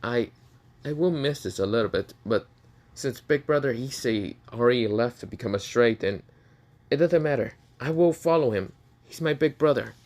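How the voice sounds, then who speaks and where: A man's voice: medium pitch, moderate pace, darkish tone, lightly acted. A man voicing a timid but loyal teenage boy who speaks earnestly. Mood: determined.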